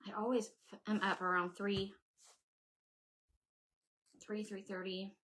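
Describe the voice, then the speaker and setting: A woman's voice: mid-range voice, little pitch movement, unhurried, background noise. A woman hosting a casual crafting livestream, chatting away and thinking aloud as she works and answers her viewers. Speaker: craft channel host.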